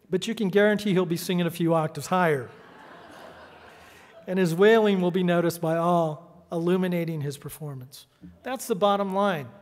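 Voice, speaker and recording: A man's voice: sits high, a little mellow. A middle-aged man giving a prepared speech as an editorial cartoonist, with a sardonic, punchy delivery. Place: large hall. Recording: echoey hall reverb.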